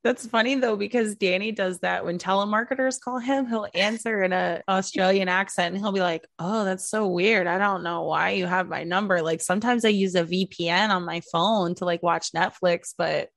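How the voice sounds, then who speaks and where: A woman's voice: medium pitch, moderate pace, vocal fry, few pauses, fairly bright tone, no echo, studio quality. A young woman co-hosting a casual chat, laughing a lot and swearing casually. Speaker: podcast co-host.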